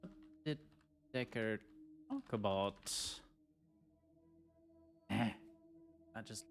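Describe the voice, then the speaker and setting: A man's voice: on the low side, vocal fry. A man streaming a game live, musing aloud and laughing as he reads the answers. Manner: slow, musing, reading aloud, laughing often.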